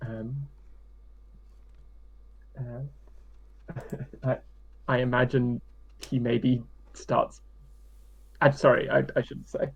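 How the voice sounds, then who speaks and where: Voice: medium pitch, level tone, drawn-out words, vocal fry, pauses often. A player in a tabletop role-play, giggly and hesitant, often laughing.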